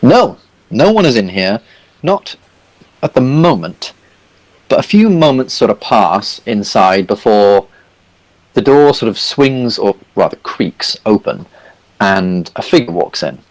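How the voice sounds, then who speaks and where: A man's voice: on the low side, sing-song, measured pace, low-quality recording. A man narrating a tabletop game as dungeon master, rambling and full of "sort of"s. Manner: rambling, many fillers like "sort of".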